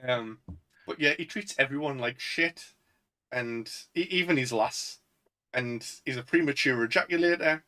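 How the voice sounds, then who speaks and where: A man's voice: mid-range voice, moderate pace, pushed and bright, low-quality recording. A young man with a Northern English accent, co-hosting a casual podcast chat and rambling with lots of fillers. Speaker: podcast co-host.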